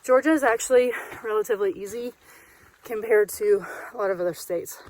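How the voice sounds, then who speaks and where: On an outdoor trail, a woman vlogger hiking alone films herself with a handheld camera, breathless as she rambles chattily and laughs easily. Her voice is medium-pitched and somewhat dark, and the audio is dry and low in quality.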